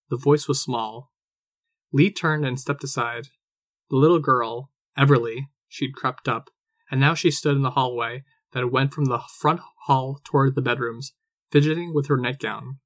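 A man narrating a fan audiobook in a measured storytelling manner. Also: medium pitch, steady tone, fairly bright tone, no room sound.

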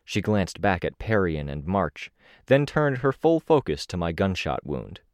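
Deep-voiced male audiobook narrator. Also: big pitch swings, unhurried, no echo, clean studio sound. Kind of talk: first-person audiobook narration.

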